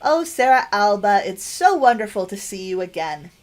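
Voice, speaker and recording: A woman's voice: medium pitch, big pitch swings, lightly acted. A woman doing a fussing, doting old grandmother. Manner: fussy, rapid-fire doting questions. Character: fussy, doting elderly grandmother.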